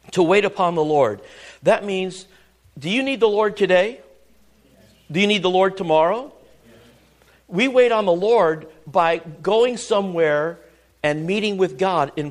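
Pastor, male, high voice, emphatic preaching style built on repetition and rhetorical questions. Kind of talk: sermon.

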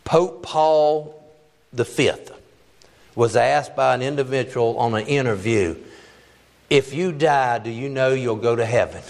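A man preaching a sermon in a folksy, plainspoken way, stretching key phrases slowly for emphasis. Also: mid-range voice, gravelly, a little mellow.

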